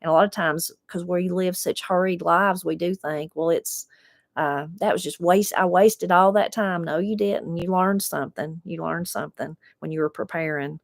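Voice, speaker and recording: Low-voiced folksy Appalachian woman. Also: steady tone, vocal fry, no echo, clean studio sound. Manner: unhurried, folksy, reflective. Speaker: host reading viewer comments. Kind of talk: casual chat.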